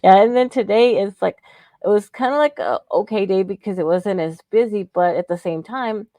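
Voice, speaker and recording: A woman's voice: medium pitch, moderate pace, warm tone, dry recording, studio quality. A woman co-hosting a live podcast, telling stories in a chatty way and often chiming in to agree. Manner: chatty storyteller, backs up her co-host with short agreements. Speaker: podcast co-host. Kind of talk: casual chat on a live podcast.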